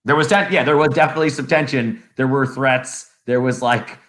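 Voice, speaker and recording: Young man, mid-pitch, loose storytelling podcast co-host who laughs and does voices. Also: fairly quick. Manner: laughing storyteller, animated impressions. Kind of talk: casual chat.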